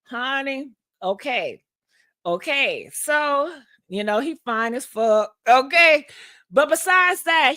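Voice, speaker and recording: Bright-voiced, high woman telling a story. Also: expressive, slow pace, no room sound, studio quality. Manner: frank, profane, laughs often. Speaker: vlogger. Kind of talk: casual storytelling to viewers.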